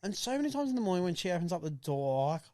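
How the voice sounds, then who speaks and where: A young man co-hosting a podcast, excitable and sweary, laughing often. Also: sits high, fast talker, dry recording, studio quality. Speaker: podcast co-host. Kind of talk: casual chat.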